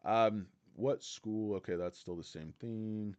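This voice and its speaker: A man's voice: lowish voice, unhurried, darkish tone, clean tone, no room sound. A man hosting a casual stock livestream, rambling, sarcastic and crude, dropping to mutters and jumping to outbursts. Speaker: stock streamer host.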